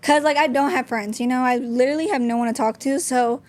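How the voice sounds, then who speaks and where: A woman's voice: high-pitched, fairly even intonation, fast, a little mellow. A young woman, a podcast guest, telling a personal story openly and candidly, with many "like" fillers. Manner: open, talks with frequent "like" fillers.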